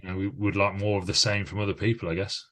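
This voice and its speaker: A man, co-hosting a podcast and telling an anecdote in a lively, self-mocking way. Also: on the low side, quick pace. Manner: lively anecdotal storyteller, laughs at himself. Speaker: podcast co-host. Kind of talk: casual chat, storytelling.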